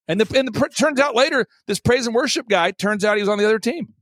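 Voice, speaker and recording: A man hosting a talk show, telling stories with lots of energy, emphatic and swinging between loud exclamations and low mocking impressions. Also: lively intonation, very fast, few pauses, no room sound. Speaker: podcast host. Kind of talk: animated storytelling chat.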